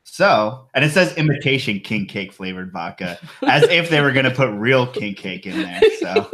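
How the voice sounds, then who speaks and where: A man's voice: medium pitch, lively intonation, moderate pace, fairly bright tone. Laid-back man hosting a podcast. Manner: joking, laughs often. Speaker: podcast host. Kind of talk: casual chat.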